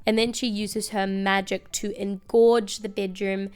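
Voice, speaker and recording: A young woman hosting a casual, comedic recap, chatty and wry with quick asides. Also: medium pitch, little pitch movement, darkish tone, smooth. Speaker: video essay host.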